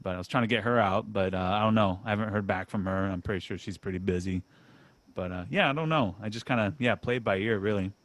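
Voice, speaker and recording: A man hosting a casual podcast chat, relaxed and self-deprecating, laughing often and restarting his sentences. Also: on the low side, quick pace, dry recording. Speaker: podcast host.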